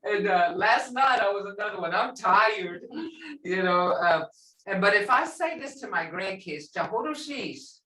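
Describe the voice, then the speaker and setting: An older woman teaching a language class in a relaxed, chatty way, repeating phrases slowly and laughing often. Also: mid-range voice. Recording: echoey room, mic set far off.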